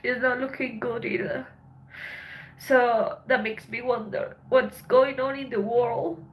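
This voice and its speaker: A woman hosting a livestream, talking in a halting, emotional way with lots of swearing and a voice that breaks with tears. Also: a little high, steady tone, a little hiss or hum, rough recording. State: tearful. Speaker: livestream host. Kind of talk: emotional casual livestream chat.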